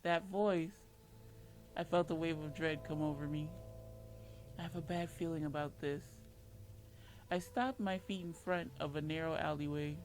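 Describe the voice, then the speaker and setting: A woman's voice: low-pitched, fairly even intonation, normal speed, pauses often, a little mellow, a little hiss or hum. A woman reading visual novel narration aloud, often tripping over words and correcting herself. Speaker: game streamer reading dialogue aloud. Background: game music.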